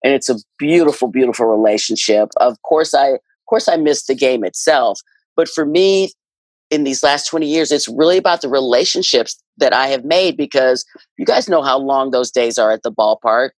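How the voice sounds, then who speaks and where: A woman's voice: very deep voice, normal speed, dry recording, poor audio. A middle-aged woman who works as a ballpark announcer, chatting as a guest and telling stories with lots of laughter and repeated words for emphasis. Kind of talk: casual interview chat.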